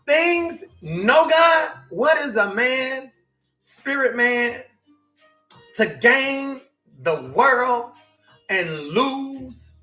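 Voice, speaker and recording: A man preaching a motivational sermon as a life coach, swinging between shouting and quiet, repeating himself. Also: extremely high pitch. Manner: preachy, shifts between shouting and hushed, repetitive. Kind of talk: sermon-style motivational talk.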